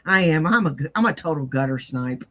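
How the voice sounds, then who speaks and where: A woman's voice: low-pitched, animated, a little fast, pushed and bright, low-quality recording. An older woman hosting casual commentary, rambling bluntly and poking fun at herself in a folksy way. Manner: blunt, self-mocking, folksy. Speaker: commentary host.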